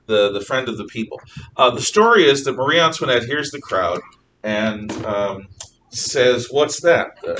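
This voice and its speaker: A man teaching a history class, telling the story in an animated, storytelling way and often clearing his throat. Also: medium pitch. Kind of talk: classroom lecture. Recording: distant mic with faint noise.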